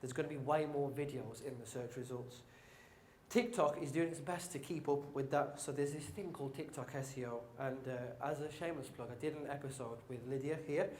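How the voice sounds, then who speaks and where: A man with a Brummie accent works the room, upbeat and joking as he talks to the crowd directly. His voice sits at a middle pitch. It carries with the roomy echo of a conference hall, with faint ambience underneath. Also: fairly quick, a little mellow, a little hiss or hum. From England. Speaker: conference speaker. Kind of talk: live marketing talk.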